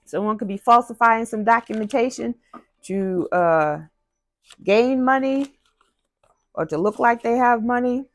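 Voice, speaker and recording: A woman's voice: mid-range voice, no echo. Chatty woman doing a card reading. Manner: chatty, drops into slang, talks to viewers directly. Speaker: tarot reader. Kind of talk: casual spiritual card reading.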